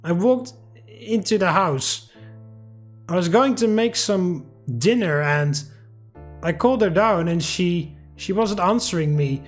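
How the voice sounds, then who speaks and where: A man reading a tearful, shaken teenage girl in a story game, slow and halting. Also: high-pitched, faint music behind.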